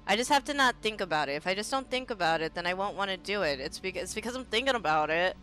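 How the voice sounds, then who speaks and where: A woman's voice: medium pitch, lively intonation, fast, fairly bright tone, faint music behind. A woman streaming a game in casual chat, giggling often and swapping swears for silly stand-in words.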